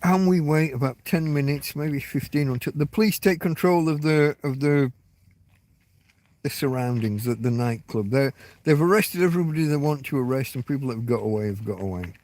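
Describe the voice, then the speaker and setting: A middle-aged Englishman vlogs to camera, telling a personal story in a rambling, emotional way while tearing up. His mid-range voice is brisk and somewhat dark, and he swears often and keeps restarting sentences in this casual monologue.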